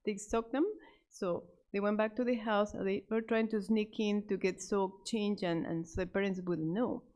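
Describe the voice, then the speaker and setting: A woman speaking at a middle pitch tells a story to a church class. She talks freely with fillers and restarts and lifts her voice to play the characters. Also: moderate pace. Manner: animated, acts out the quoted characters with raised pitch; many fillers and restarts, unscripted. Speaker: Sabbath School storyteller.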